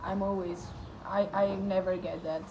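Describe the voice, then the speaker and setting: Young woman from Spain, mid-pitched, halting casual chat, faint background noise. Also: flat delivery, lo-fi sound. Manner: hesitant, thinking aloud.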